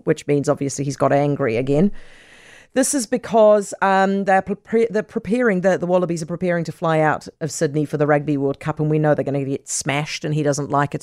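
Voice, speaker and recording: A New woman hosting a radio talk show from the studio, with a brisk, chatty delivery. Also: sits low, darkish tone, no room sound. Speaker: radio host.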